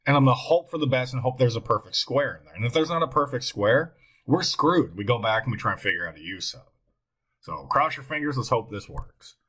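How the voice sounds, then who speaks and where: On this recording, an excitable man teaches math, thinking aloud and talking to himself as he works through it. His bright, slightly husky voice swings widely in pitch, and he moves at a brisk clip.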